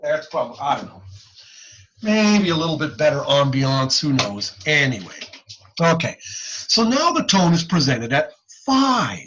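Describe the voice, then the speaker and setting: Man, online lecturer, folksy, lively pitch, husky, somewhat high voice, muffled recording. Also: measured pace. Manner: animated, folksy teaching with frequent "okay?" checks. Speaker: audiology lecturer.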